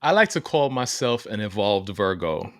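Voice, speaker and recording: A man co-hosting a casual podcast chat, animated and emphatic, laughing often. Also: fairly low pitch, moderate pace, dry recording, studio quality. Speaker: podcast co-host.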